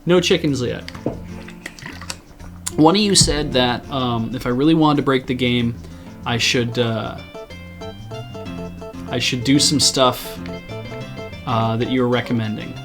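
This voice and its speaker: A mid-pitched man talks casually through a farming game, answering chat and poking fun at himself. Faint guitar music plays quietly behind him. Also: steady tone, measured pace, pauses often. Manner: chatty, self-deprecating, answers chat. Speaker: streamer playing a farming game.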